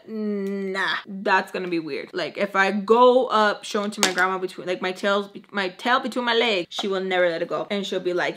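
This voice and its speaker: Young woman, casual storytime vlogger, chatty, acts out quotes, mid pitch. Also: fairly quick. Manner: chatty, acts out quotes with lively voice swings, says "like" a lot. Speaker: beauty vlogger telling a storytime.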